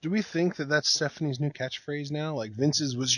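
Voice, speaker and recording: A man of middle pitch speaks in excited bursts during casual podcast chat, often restarting his sentences. The sound is close and dry. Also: normal speed, no echo. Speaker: wrestling podcast co-host.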